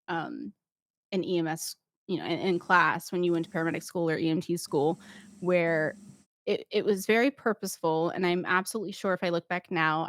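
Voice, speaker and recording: A woman guest, a former paramedic, talking casually in an interview, telling lively stories with acted-out voices and frequent laughs. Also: fairly low pitch, no room sound, clean studio sound. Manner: animated storyteller who acts out voices and laughs often.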